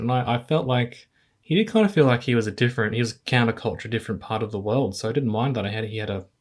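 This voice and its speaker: A man hosts a casual film-review podcast at an ordinary mid pitch. He talks in an easygoing, slightly hesitant way, often pausing on fillers and chuckling. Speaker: podcast host.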